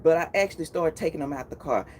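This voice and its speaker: A woman's voice: low-pitched, fast, a little mellow, a little hiss or hum. A woman in her forties hosting a casual live stream, chatting, laughing often and greeting viewers by name. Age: 40s.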